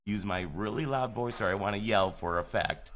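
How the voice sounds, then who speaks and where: A man's voice: lowish voice, moderate pace, fairly bright tone. A man hosting a live radio show from a small studio, bossily coaching his co-host with mounting exasperation. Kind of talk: live talk radio banter.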